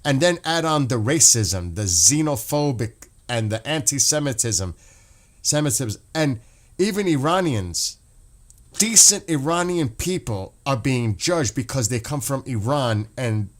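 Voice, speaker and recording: A man talking off the cuff to his livestream viewers, impassioned and openly emotional. He rambles, restarts his sentences and swears when upset. His voice sits at an ordinary middle pitch. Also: very animated, measured pace. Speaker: livestream host. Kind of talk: casual livestream commentary.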